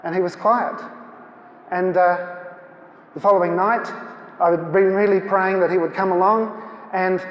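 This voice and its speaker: A man's voice: high-pitched, fairly even intonation, unhurried, long pauses, lo-fi sound. A man giving an anecdotal talk as guest speaker at a church seminar, acting out the dialogue as he tells it. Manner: storytelling, acts out dialogue. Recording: echoey hall.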